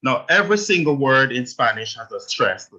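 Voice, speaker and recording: Jamaican male teacher, bright forceful tone, slightly dull lo-fi sound, patient step-by-step explainer. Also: medium pitch, sing-song, moderate pace. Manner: explains step by step, checks in with "right?". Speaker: Spanish teacher. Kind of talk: online language lesson.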